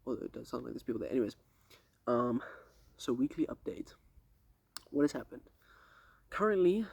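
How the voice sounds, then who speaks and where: A man's voice: medium pitch, darkish tone, slightly rough. A young man from South Africa giving a casual, rambling vlog update outdoors on a lake dock at night, talking to a camera a few steps away, slangy and swearing freely. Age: young adult. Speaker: vlogger. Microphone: camera set up a few steps away.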